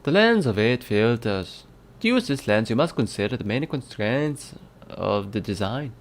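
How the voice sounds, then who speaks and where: A man's voice: medium pitch, very animated, normal speed. A man reading design prompts aloud in a put-on Irish accent, in a playful, sing-song way.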